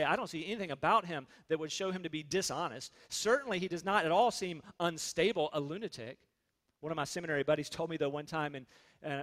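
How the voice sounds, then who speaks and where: A male pastor preaching a sermon with emphatic stresses and quiet drops. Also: sits high. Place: church sanctuary.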